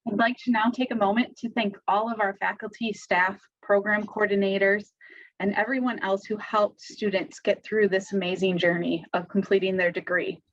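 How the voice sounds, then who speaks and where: A woman hosts a virtual graduation in a scripted, friendly and formal manner. Her voice sits at a middle pitch. The recording sounds a little dull and lo-fi. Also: little pitch movement, moderate pace. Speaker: ceremony host. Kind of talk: scripted ceremony hosting.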